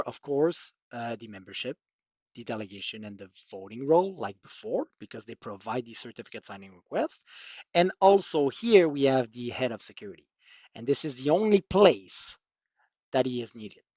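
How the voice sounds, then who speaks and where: A man's voice: medium pitch, a little mellow, dry recording. A man with a French accent presenting a technical workshop walkthrough, explaining with many hesitant fillers.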